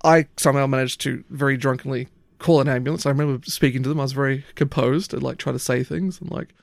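Man, casual storyteller, swears a lot, quick talker, gravelly. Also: medium pitch, fairly even intonation, no room sound. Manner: rambling anecdote, frequent swearing and "like". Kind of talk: casual chat.

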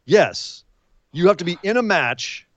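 A man's voice: high voice, very animated, a little slow, a bit bright, no echo. A man co-hosting a podcast, chatting casually with a teasing, playful manner. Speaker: podcast co-host. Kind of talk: casual chat. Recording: dull lo-fi mic.

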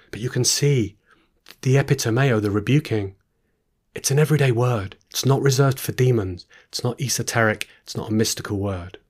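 A man giving a Bible teaching, reading verses aloud and then explaining them with informal asides and restarts. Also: fairly low pitch. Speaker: preacher.

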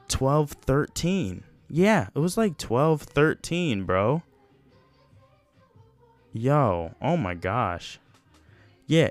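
A man's voice: medium pitch, no echo. A young man hosting a casual solo podcast, telling a story in a rambling, self-mocking way with lots of slang. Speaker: podcast host.

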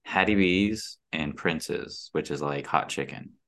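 A man casually recounting a trip, relaxed and full of fillers. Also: a bass voice, slow. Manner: relaxed storytelling, many fillers. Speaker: podcast guest. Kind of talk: casual chat.

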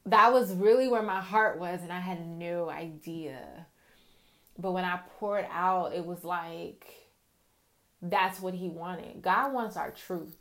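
A woman's voice: on the low side, slow. Earnest woman sharing her faith. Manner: earnest, confiding, addresses viewers as y'all. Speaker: Christian vlogger sharing testimony. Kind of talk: heartfelt casual faith talk.

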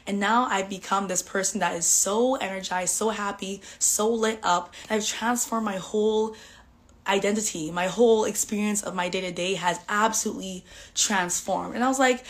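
A woman's voice: mid-range voice, moderate pace. Woman podcast host, candid and emotional, talks in a chatty flow full of fillers. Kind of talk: personal storytelling monologue.

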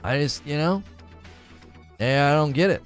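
Livestream host, man, thirties, rambly and excitable, a bit higher-pitched than most. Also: measured pace, faint music behind. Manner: excitable, rambling, repeats himself. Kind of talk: casual livestream chat.

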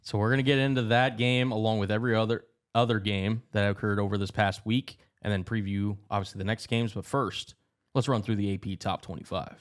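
Man, sports podcast co-host, lowish voice, quick broadcaster-style list reading. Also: fairly even intonation. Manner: rattles off lists like a broadcaster. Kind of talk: casual sports podcast chat.

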